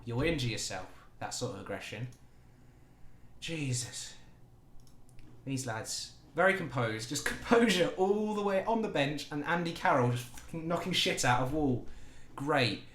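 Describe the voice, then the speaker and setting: A man's voice: a little high, big pitch swings, unhurried, fairly bright tone, echoey room. Chatty swearing man narrating his game. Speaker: gaming YouTuber. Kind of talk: casual game commentary.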